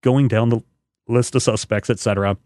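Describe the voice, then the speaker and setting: A man hosting a podcast in casual chat, rambling and halting with many fillers. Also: lowish voice, steady tone, a little mellow, no room sound, studio quality. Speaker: podcast host.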